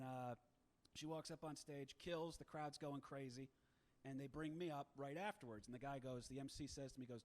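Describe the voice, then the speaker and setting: Brash self-mocking male stand-up comic. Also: fairly high pitch. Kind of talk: stand-up storytelling.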